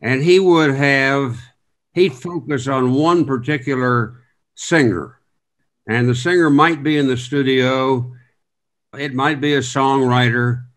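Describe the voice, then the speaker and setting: A man hosting an interview in a relaxed conversational way, praising his guest and asking about his career. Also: mid-range voice, slow pace. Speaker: interview host, former sportscaster.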